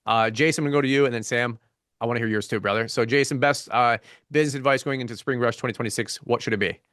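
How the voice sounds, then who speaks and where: A man's voice: mid-range voice, very fast, a bit bright, no echo, clean studio sound. A man hosting a business webinar panel, upbeat and earnest, with a casual, pumped-up way of talking. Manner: upbeat, earnest, sports-talk energy. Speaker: webinar host.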